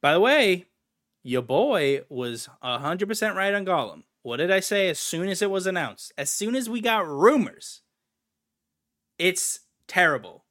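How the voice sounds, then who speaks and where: A man's voice: high-pitched, big pitch swings, measured pace, a bit bright. A man co-hosting a casual gaming podcast, ranting in an exasperated way and swearing now and then. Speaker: podcast co-host.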